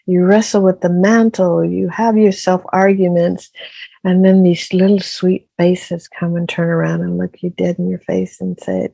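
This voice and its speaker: Slow, gravelly older woman storyteller. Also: on the low side, little pitch movement, warm tone, no echo. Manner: emphatic, repeats phrases for effect. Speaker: guest. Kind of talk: casual interview storytelling.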